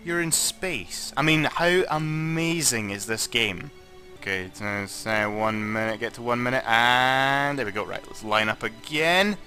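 A Scottish man, drunk, giving rambling, excitable let's play commentary as a gaming channel host and swearing a lot. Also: medium pitch, measured pace, soft background music.

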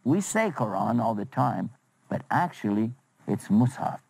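A man telling a religious story as a lesson for children, chatty and animated, asking his listeners questions. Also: fairly low pitch, a little slow, creaky, poor audio.

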